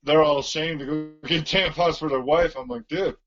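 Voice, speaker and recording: A high-voiced man chats bluntly and swears freely. His sound is dull and lo-fi, as if from a cheaper mic. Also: fairly even intonation, normal speed, a bit bright. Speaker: podcast co-host. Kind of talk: casual chat.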